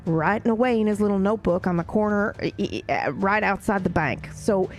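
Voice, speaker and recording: Gravelly-voiced woman telling a rambling story. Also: mid-range voice, brisk, a little hiss or hum. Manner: rambling storyteller, swears casually. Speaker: roleplayer recapping an investigation. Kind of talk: in-character roleplay recap.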